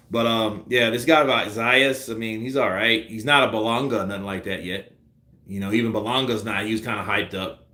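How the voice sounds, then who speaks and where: A man's voice: lowish voice, echoey room. A man giving casual, profane boxing commentary on a live stream, acting out punch combinations. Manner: animated, profane, acts out punch sequences.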